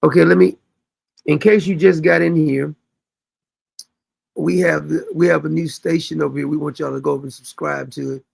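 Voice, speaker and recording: A man chats casually as host of a livestream, drifting from one thing to the next and laughing along the way. His voice is heavily gravelly and husky, and it sits somewhat high for a man. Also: fairly even intonation, moderate pace, long pauses, darkish tone, dry recording. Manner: rambling, loose, laughs often. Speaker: show host.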